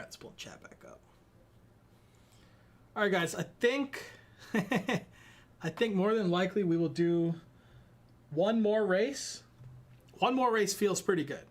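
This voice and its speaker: Young male streamer, tired, chatty and self-mocking; lively, high-pitched voice. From Ireland. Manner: rambling, self-deprecating, talks to chat while fiddling with gear. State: tired and sweating. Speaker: sim racing streamer. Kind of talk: casual live-stream chat.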